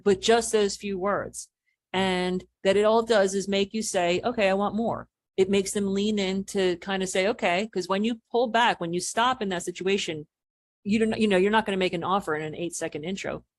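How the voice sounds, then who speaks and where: A woman coach speaks as a podcast guest at a middling pitch. She explains with energy and acts out other people's lines. The sound is dry and close, with no room echo. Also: normal speed. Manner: animated explaining, acts out quoted remarks. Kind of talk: podcast interview answers.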